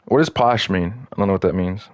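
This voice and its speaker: Man, gaming streamer, lowish voice, dry close sound, rambling casual chat. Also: fast, no room sound. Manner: rambling and chatty, full of "like". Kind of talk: casual live-stream commentary.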